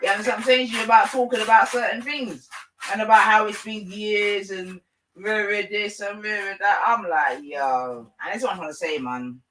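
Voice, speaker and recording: A man's voice: sits high, fairly quick, bright, forceful tone, far from the mic, rough recording. A man hosting a casual livestream, rambling through slangy gossip. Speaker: livestream host.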